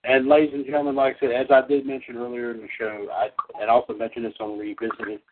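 A man's voice: medium pitch, flat delivery, fast, slight background noise. Male host, meandering announcer delivery, phone-line sound. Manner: rambling, restarting announcements. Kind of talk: talk show hosting. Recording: tinny phone-line audio.

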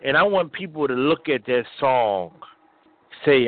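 Halting man on a tinny radio line. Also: medium pitch, lively intonation, no room sound. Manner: halting, repeats words while reminiscing. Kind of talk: casual talk radio. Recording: dry tinny phone-like line.

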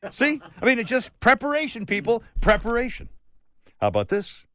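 A man hosting a talk radio show, ranting with sarcasm and indignation, swinging between loud outbursts and low asides. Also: wildly swooping pitch, normal speed, no room sound. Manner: indignant, sarcastic, rants loudly then drops low. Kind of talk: opinionated talk radio monologue.

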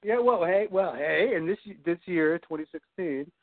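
High-voiced man on a tinny line. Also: expressive, moderate pace. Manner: crude, laughing banter. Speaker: podcast host. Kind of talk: casual chat. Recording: tinny phone-line sound.

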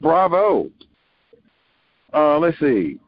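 Muffled radio host musing aloud. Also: male voice, a little high, huge pitch swings, extremely slow. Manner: musing, rambling, acts out quoted voices with laughs. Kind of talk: conversational call-in radio commentary. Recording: muffled radio broadcast with faint noise.

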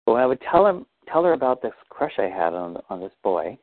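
A man calmly guiding a tapping therapy session, feeding short lines for the client to repeat. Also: medium pitch, brisk, dry recording. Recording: thin phone-like audio, dry.

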